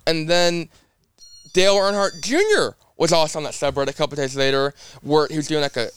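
A man's voice: fairly high pitch, fairly quick, slight background noise. A young man, a race car driver telling rambling racing stories in casual podcast chat. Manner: rambling, animated anecdotes with many fillers.

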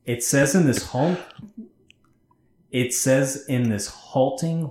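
Podcast co-host, male, mid-pitched, reads horror tales loosely and profanely in a roomy space. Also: slow, darkish tone, slight background noise. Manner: profane, chatty, breaks off to comment. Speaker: podcast co-host reading a scary story. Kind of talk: casual story reading. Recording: roomy echo.

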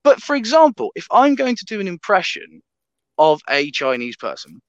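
A man's voice: high voice, big pitch swings, normal speed, clear, resonant tone, no echo, dull audio. A man in casual podcast chat, talking emphatically and swearing freely.

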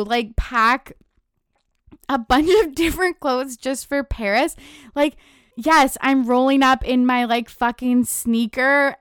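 A woman's voice: fairly high pitch, slow pace, fairly bright tone, clear, resonant tone, no room sound, studio quality. A young adult woman hosting a podcast in casual chat, laughing often and swearing freely. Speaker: podcast host.

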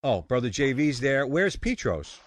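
A man's voice: mid-range voice, big pitch swings, normal speed. A man with a New York accent hosting a Christian online radio show, chatting and joking with guests. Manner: joking, rambling, loud sign-offs. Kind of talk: casual chat.

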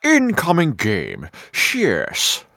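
A man's voice: a little high, wildly swooping pitch, drawn-out words, vocal fry, sharp tone, dry recording, clean studio sound, pitched above the performer's own voice, heavily acted. A man putting on a mock-threatening male computer voice that warns of an incoming game. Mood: mock menacing. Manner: mock-threatening announcer, swearing. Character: menacing male computer warning voice. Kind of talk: comic voice bit in casual chat.

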